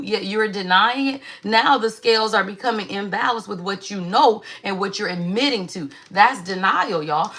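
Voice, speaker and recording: A woman's voice: medium pitch, pushed and bright. A woman giving a casual spiritual card reading, chatty and emphatic, often saying "y'all".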